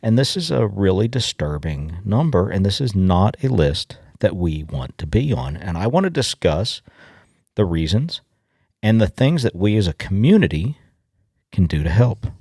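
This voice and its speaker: A middle-aged man from Illinois hosting a farming podcast, telling stories in a folksy, halting way. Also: fairly low pitch, big pitch swings, dark tone, slightly rough, dry recording, clean studio sound. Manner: folksy storyteller, halting restarts. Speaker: podcast host. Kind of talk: casual podcast monologue.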